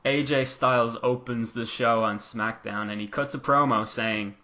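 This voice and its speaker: A man's voice: mid-range voice, normal speed. A man co-hosting a podcast, narrating a made-up wrestling storyline in casual chat and acting out quotes. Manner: animated storytelling, acts out quotes in voices. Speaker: podcast co-host.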